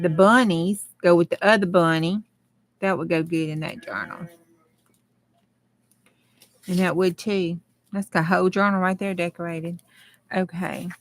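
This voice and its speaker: A middle-aged woman with a Southern American accent, hosting a casual crafting livestream and thinking aloud as she arranges journal pages. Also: lowish voice. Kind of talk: casual live-stream chat while crafting.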